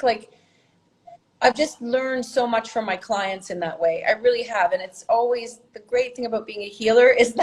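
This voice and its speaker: A woman who works as a healer, talking as a podcast guest in an animated, expressive way, laughing often and her pitch jumping up. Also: poor audio. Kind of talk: conversational interview.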